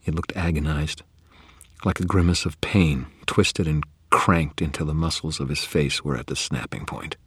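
Very deep husky male narrator. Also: normal speed, dry recording. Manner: grave, often dropping to a hushed whisper. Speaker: audiobook narrator. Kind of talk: first-person fiction narration.

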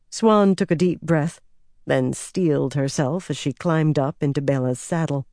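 A man narrating a fantasy audiobook in an even, measured storytelling voice. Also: fairly high pitch, dry recording, studio quality.

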